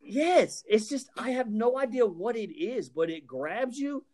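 Male co-host, high and animated voice, rambling storyteller. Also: unhurried, a loud crowd. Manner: animated, rambling, laughs while telling stories. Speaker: podcast co-host. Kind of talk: casual sports chat.

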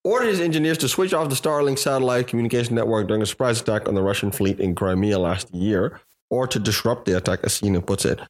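A man's voice: lowish voice, fast talker. A man co-hosting a casual podcast, reading an article aloud with joking asides and frequent swearing. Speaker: podcast co-host.

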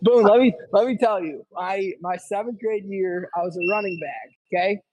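A podcast host with a high male voice rambles through animated stories full of restarts. The sound is dry and close, with no room around him. It comes across as easy, unscripted chat. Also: normal speed, no echo, low-quality recording.

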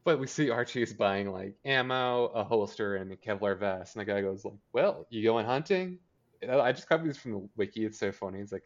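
A man casually recapping a TV episode on a podcast, chatty and sarcastic, quickly acting out the characters' lines. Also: fairly low pitch, muffled recording. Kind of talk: casual chat.

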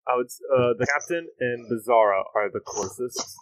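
A man's voice: medium pitch, normal speed, dry recording, low-quality recording. A man running a tabletop role-playing game as game master, narrating casually with frequent fillers and hesitations. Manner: relaxed, hesitant with many fillers.

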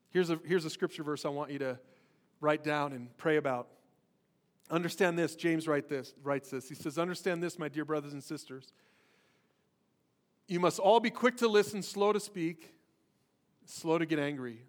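A man in his forties preaches a sermon in a bright, high-pitched voice. He tells stories with animated emphasis and drops into soft, quiet asides. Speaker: pastor.

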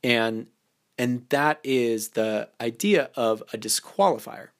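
A man's voice: medium pitch, slow. A man coaching on a casual podcast. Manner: animated, acts out example lines in a playful voice; casual, loose phrasing with many fillers. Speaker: dating coach podcast host. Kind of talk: instructional podcast talk.

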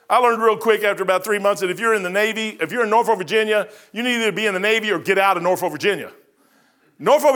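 A middle-aged man preaching a sermon, telling folksy stories that swing between loud bursts and quiet asides. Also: sits high. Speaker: pastor.

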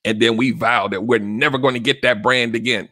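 A man's voice: mid-range voice, fairly even intonation, a little fast, bright, forceful tone, no echo, studio quality. A man hosting a solo relationship-advice podcast, talking casually and directly to listeners, often checking in with "right?". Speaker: podcast host.

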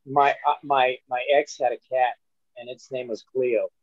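A man's voice: medium pitch, fairly even intonation, normal speed, no echo. A man with a mid-range voice, heard on a muffled, dry, lo-fi recording. He tells an easygoing story and swears casually. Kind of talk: casual chat.

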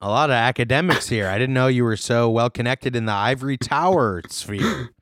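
A man co-hosting a podcast in casual chat, jokey and animated, laughing often. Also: medium pitch, brisk, no echo, clean studio sound. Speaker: podcast co-host.

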